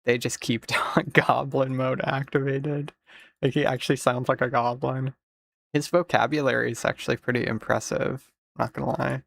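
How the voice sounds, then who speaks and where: A man's voice: mid-range voice, little pitch movement, fairly quick, gravelly, fairly bright tone, no echo, studio quality. A man streaming, casually commenting on a video with amused jokes and frequent laughter. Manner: amused, joking, laughing often.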